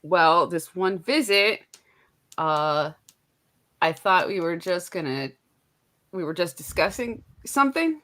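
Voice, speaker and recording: A woman's voice: fairly low pitch, animated, slow pace, long pauses, pushed and bright. A woman hosting a casual livestream chat, laughing often and swearing freely. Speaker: streamer host.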